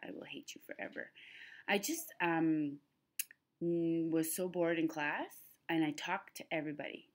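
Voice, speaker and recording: A woman sharing her story in a loose, confessional vlog, talking straight to the camera. She rambles and doubles back, open and emotional as she talks. Her voice sits a little low for a woman. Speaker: vlogger.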